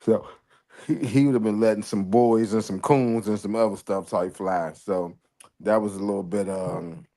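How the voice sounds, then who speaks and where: A man co-hosting a casual wrestling podcast, talking in a laid-back, halting way with many fillers. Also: on the low side, fairly even intonation, mellow. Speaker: podcast co-host.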